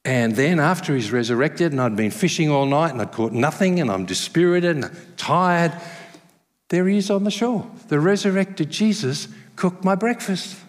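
A man's voice: fairly high pitch, moderate pace. Man preaching in a reverberant church. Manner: conversational, self-deprecating, animated storytelling. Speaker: pastor. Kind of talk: sermon. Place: church service. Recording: long hall reverb.

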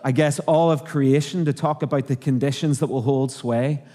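A man's voice: mid-range voice, fairly even intonation, moderate pace, mellow, long reverb tail. A man from Northern Ireland with a Northern Irish accent, preaching a conversational sermon and asking the congregation questions. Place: church auditorium.

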